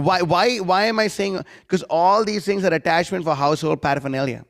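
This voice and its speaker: A man's voice: high voice, a little fast, hardly any pauses, fairly bright tone. A man giving a devotional scripture class, firing rhetorical questions, reciting Sanskrit verses and mimicking critics in a mocking tone.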